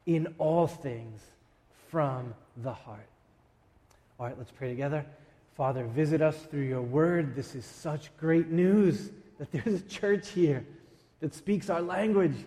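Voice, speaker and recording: Slow emphatic New pastor. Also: male voice, a little high, warm tone, big-room sound. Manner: emphatic, dramatic pauses, quick asides. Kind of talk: sermon. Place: church sanctuary.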